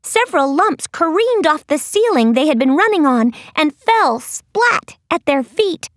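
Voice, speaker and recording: A woman narrating an audiobook in a gentle, expressive storytelling voice. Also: high voice, a little slow, dry recording. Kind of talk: scripted narration.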